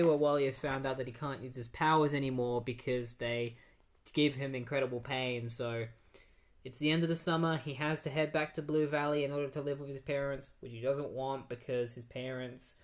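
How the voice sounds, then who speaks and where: A man casually recapping comic issues on a podcast, rambling with many fillers and restarts. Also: medium pitch. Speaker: podcast host.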